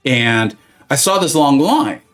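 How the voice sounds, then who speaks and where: A man's voice: medium pitch, slow pace, soft background music. A middle-aged man from Southern California, chatting casually and rambling on a gaming livestream with plenty of fillers. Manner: rambling, animated storytelling with many fillers and restarts.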